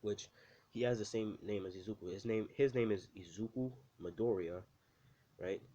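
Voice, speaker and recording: A man's voice: lowish voice, normal speed, mellow, lo-fi sound. A man casually telling a made-up story, rambling with lots of fillers and restarts.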